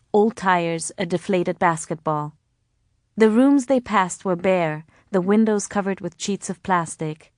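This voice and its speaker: A woman reading a novel aloud in measured, scripted narration. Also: medium pitch, darkish tone, no room sound, clean studio sound. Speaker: audiobook narrator.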